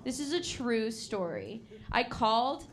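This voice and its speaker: A woman's voice: fairly high pitch, big pitch swings, measured pace. A young woman doing a stand-up set at an open mic, rambling and self-deprecating, often laughing at her own jokes. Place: comedy club stage with a live audience.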